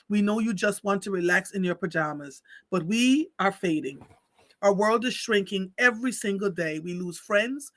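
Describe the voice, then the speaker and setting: A man with a high, bright, ringing voice reads a story aloud to his livestream audience. He takes it slow, with heartfelt pauses, on a close, dry mic. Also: no room sound. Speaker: livestream host. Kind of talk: reading a story aloud, then chatting with viewers.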